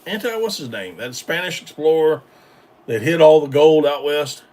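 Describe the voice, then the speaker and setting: A man's voice: fairly high pitch, animated, moderate pace, a little mellow, far from the mic. Rambling man hosting a livestream. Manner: rambling, hesitant, full of ums and repeated starts. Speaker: livestream host reading chat. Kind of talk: casual live-stream chat.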